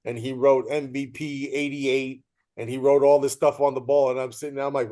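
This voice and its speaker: A man hosting a casual interview, telling lively anecdotes and acting out what people said. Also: mid-range voice, a little fast. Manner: animated storyteller, acts out quoted voices. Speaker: host.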